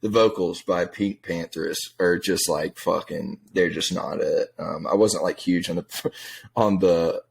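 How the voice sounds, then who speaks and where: A man's voice: sits low, fairly even intonation, measured pace, vocal fry, husky. A young man co-hosting a music review podcast, bluntly mocking songs with swearing and laughter. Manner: blunt, profane, mocking, laughs while talking. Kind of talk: casual chat.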